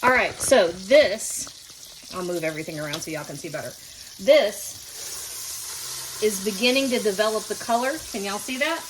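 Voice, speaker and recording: Middle-aged woman, folksy cooking host, talks right to the viewers, home kitchen, loud sizzling and clinking behind her. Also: medium pitch, lively intonation, a little slow, pauses often, background noise. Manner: chatty, folksy, addresses viewers directly. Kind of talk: casual cooking demonstration.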